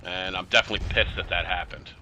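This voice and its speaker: Chatty, exasperated man, lowish bright voice. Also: fairly even intonation, fast talker, a little hiss or hum, poor audio. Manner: chatty, exasperated, sarcastic asides. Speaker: gameplay commentator. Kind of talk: casual strategy game commentary.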